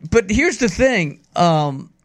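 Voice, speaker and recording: A man's voice: sits high, sing-song, takes it slowly, fairly bright tone, no room sound, clean studio sound. A man hosting a casual sports talk radio show, chatty with frequent restarts. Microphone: studio mic.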